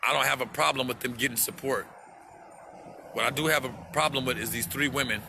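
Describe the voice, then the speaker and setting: A man's voice: medium pitch, steady tone, fairly quick, vocal fry, background noise. A man on a livestream, speaking to his viewers in an impassioned, profane rant and repeating himself for emphasis.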